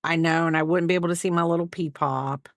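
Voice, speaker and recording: This middle-aged American woman from the United States talks fast in a lowish voice with fairly even intonation. Livestreaming as she crochets, she rambles chattily and answers chat between stitches. The audio is studio quality with no echo.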